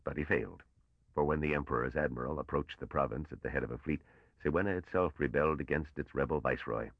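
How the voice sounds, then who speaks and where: An older man's voice, played by a man, as a bitter and weary old patrician who speaks slowly. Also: a bass voice, gravelly, no room sound, narrow, tinny audio, exaggerated voice.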